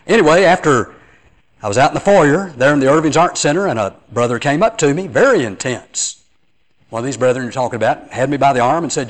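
A man's voice: medium pitch, animated, fast. A man, a preacher giving an earnest, emphatic Bible lesson and telling stories to a class.

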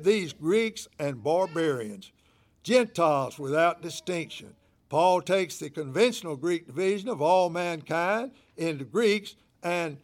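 An older man delivers a sermon with a gravelly, creaky voice pitched a little high. He is fervent and folksy, building to loud emphatic passages and then dropping into quiet, conversational asides. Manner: folksy, acts out shop clerks and a church member in quoted voices. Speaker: preacher.

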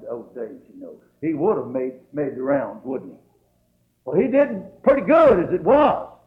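Preacher telling bible stories, folksy and punchy, echoey church, phone-ish sound. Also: male voice, fairly high pitch. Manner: folksy, dramatic, rising to loud emphasis. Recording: tinny lo-fi echoey church tape.

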